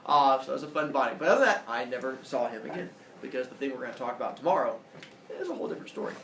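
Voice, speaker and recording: A man from Indiana telling a personal story at camp in an earnest, confessional way with halting fillers. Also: mid-range voice, animated, creaky, fairly bright tone, slight background noise. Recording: echoey room, voice from far off, faint ambience.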